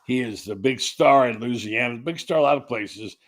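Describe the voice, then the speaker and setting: A man's voice: mid-range voice, normal speed. A man hosting a sports talk show, chatting in a loose, rambling, self-deprecating way. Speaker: show host.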